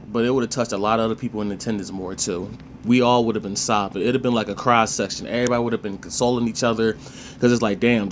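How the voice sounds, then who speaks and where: A man's voice: mid-range voice, slight background noise. A man, passionately ranting in a casual opinion vlog and swearing freely. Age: 20s. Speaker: commentator.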